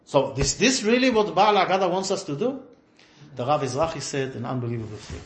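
A man teaching a lively classroom lesson, questioning his students and swinging between loud emphasis and soft asides. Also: on the high side, fairly quick, echoey room. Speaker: religious teacher.

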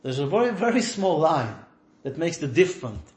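A man teaching a lively classroom lesson, questioning his students and swinging between loud emphasis and soft asides. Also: on the high side, normal speed, roomy sound. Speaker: religious teacher.

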